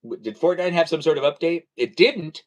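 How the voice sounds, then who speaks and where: A young man chatting casually on a live stream, rambling playfully from topic to topic and now and then breaking into high squealing calls. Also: fairly quick, over loud music. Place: home studio near a garage.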